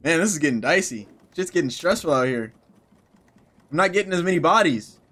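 A man's voice: fairly high pitch, expressive, fairly quick, fairly bright tone. Chatty young gaming streamer man. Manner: chatty, thinking aloud. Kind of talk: let's play commentary.

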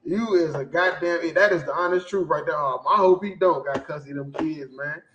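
A man hosting a podcast, talking in casual, profane, animated commentary and laughing often. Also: a little high, a little fast, reverberant, muffled recording, background noise. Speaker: podcast host.

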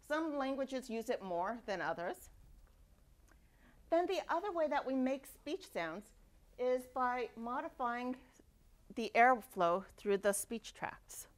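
Lively woman lecturing. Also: a little high, slow pace. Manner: lively, demonstrates sounds aloud. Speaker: university lecturer. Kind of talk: classroom lecture. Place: lecture hall.

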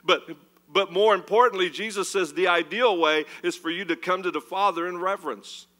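A man preaching a sermon as pastor, animated and swinging between loud, urgent passages and hushed ones. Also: sits high, fairly quick. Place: church.

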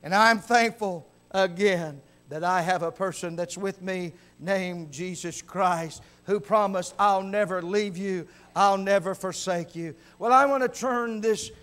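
A man preaching a revival sermon in a church, building from calm talk to shouted, fervent preaching. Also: high-pitched, clear, resonant tone. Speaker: visiting preacher. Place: church sanctuary.

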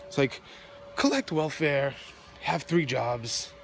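A man's voice: mid-range voice, sing-song, slow pace, gravelly, a bit bright. Young man ranting outdoors, shivering. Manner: profane, rambling, heated. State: shivering from cold. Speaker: vlogger. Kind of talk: casual rambling rant to camera. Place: outdoors in the cold near traffic. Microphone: phone camera. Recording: noisy outdoor phone recording with traffic.

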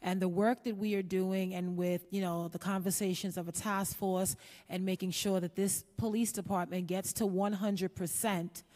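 A woman chairing a council committee hearing, speaking in earnest, measured formal remarks with some filler ums. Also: medium pitch, flat delivery, a little mellow. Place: large council chamber. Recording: long echo of a large hall.

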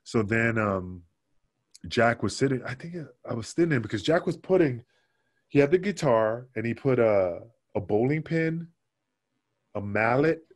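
A man's voice: mid-range voice, animated, a little slow. A man who is a former wrestler and a podcast guest. He tells stories in a casual interview, swears freely and acts out what other people said.

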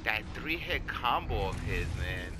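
A man's voice: lowish voice, animated, unhurried, noisy background. A man in casual co-op game chat, panicky, yelping and repeating himself. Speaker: co-op gamer. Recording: loud game music behind.

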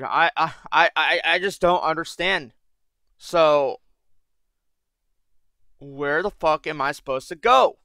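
A man's voice: a little high, a little slow, pauses often, sharp tone, dry recording. A young man giving casual gameplay commentary, thinking aloud, getting frustrated and swearing often. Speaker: gaming YouTuber.

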